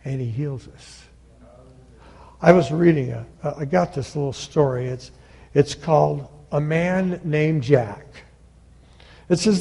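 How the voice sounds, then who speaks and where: Brief: male preacher on a church stage, slow and deliberate, voice on the higher side, storytelling with emphatic build-ups. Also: gravelly, mellow, slightly rough. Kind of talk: sermon. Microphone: stage microphone.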